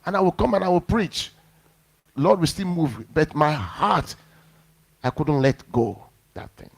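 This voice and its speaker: Animated male pastor telling a story. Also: fairly high pitch, unhurried, gravelly. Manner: animated storyteller acting out quotes. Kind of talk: sermon with personal storytelling.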